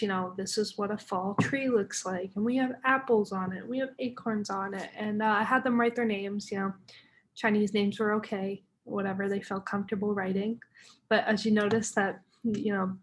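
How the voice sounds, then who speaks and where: A young woman in her twenties, an English teacher, talking casually about her classes with lots of fillers and easy laughs. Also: medium pitch. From United States. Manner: chatty, many fillers, laughs often. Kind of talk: casual vlog narration.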